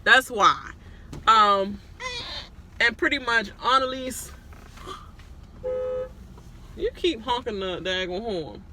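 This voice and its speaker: A woman giving a casual, blunt recap of a reality show, animated and full of profanity. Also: a little high, takes it slowly, pauses often, a little hiss or hum.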